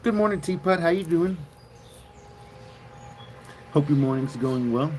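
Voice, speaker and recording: A man from South Mississippi with a Southern American accent, chatting excitably with viewers on a live stream and swearing freely. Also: a little high, unhurried, slight background noise. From South Mississippi, USA.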